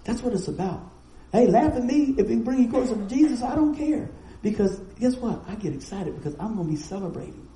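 High-voiced preacher, dark and folksy. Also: male voice, echoey room, slight background noise, low-quality recording. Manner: folksy storytelling, animated, quick asides. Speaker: pastor. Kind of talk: sermon.

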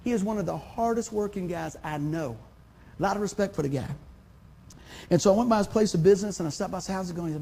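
Man in his fifties, folksy sermon, husky voice, high pitch. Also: fast, dark tone. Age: 50s. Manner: folksy, conversational preaching with acted-out quotes. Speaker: pastor.

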